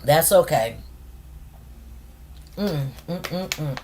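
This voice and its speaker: A woman's voice: low-pitched, animated, takes it slowly, darkish tone, a little hiss or hum. A woman hosting a live stream, chatting casually and directly to her viewers in a slangy, talkative way. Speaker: livestream host. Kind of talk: casual commentary to a live chat.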